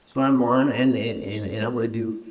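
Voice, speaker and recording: A man from Canada answering audience questions at a festival screening, halting and repeating words often as he tells stories. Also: mid-range voice, steady tone, darkish tone. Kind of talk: festival Q&A storytelling. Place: festival stage Q&A.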